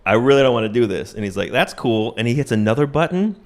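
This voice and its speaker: A man's voice: medium pitch, lively intonation, fast talker, darkish tone. A man casually retelling a movie plot on a comedy podcast, acting out the characters' lines and laughing often.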